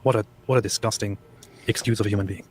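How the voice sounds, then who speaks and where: A man's voice: on the low side, steady tone, fast, a little mellow, slightly rough. A man chatting casually in an indignant tone, stumbling and restarting his sentences. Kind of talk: casual chat.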